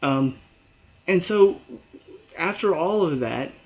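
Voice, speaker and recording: A man reviewing a TV episode in a casual solo talk, animated and acting out the characters' lines and his own reactions. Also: a little high, slow pace, dull audio. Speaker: TV show reviewer.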